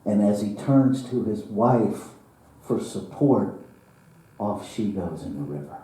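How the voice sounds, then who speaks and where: A male minister giving a sermon, telling a parable slowly and dramatically, with chuckles and hushed drops. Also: fairly low pitch, animated. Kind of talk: sermon storytelling. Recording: roomy church hall, from far off.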